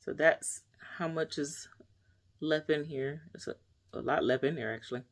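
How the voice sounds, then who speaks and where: A woman's voice: low-pitched, moderate pace. A stressed woman vlogging casually, rambling anxiously and often dropping to near whispers. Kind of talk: casual personal vlog.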